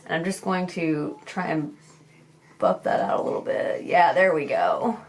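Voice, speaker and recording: A woman's voice: low voice, animated, measured pace. A young woman chatting candidly as a beauty vlogger while she does her makeup, swearing casually as she goes.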